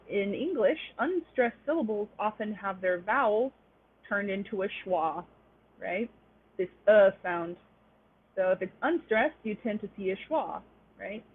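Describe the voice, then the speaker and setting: A woman's voice: medium pitch, husky. A woman presenting an online linguistics lecture, explaining step by step and checking in with "right?". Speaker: webinar presenter. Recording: tinny phone-like webinar audio.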